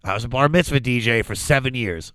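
A man from the Washington D.C. area, a comedian guest telling stories in casual podcast chat, animated and profane, acting out the voices of people he quotes. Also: medium pitch, brisk, clear, resonant tone, dry recording, studio quality.

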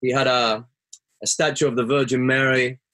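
A male guest shares a personal story, his voice medium in pitch, level in tone, moderate in pace, and pushed and bright. He's earnest and reflective, and his voice springs up sharply when he quotes himself.

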